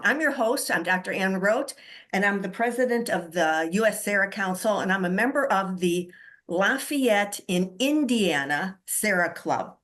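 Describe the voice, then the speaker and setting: A woman's voice: mid-range voice, fairly bright tone. A woman hosting an online meeting, introducing the keynote speaker in a chatty, enthusiastic way with frequent ums. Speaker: host.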